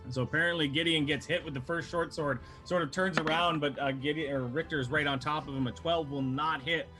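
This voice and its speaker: A man's voice: fairly high pitch, fairly even intonation, fairly quick, music in the background. A man narrating a tabletop role-playing game as dungeon master, casual and laughing, with some swearing.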